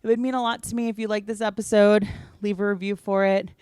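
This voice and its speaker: A woman's voice: medium pitch, flat delivery, quick pace, a little mellow, clean tone, no room sound, studio quality. A woman hosting a podcast, chatting casually with many fillers and a little out of breath. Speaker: podcast host.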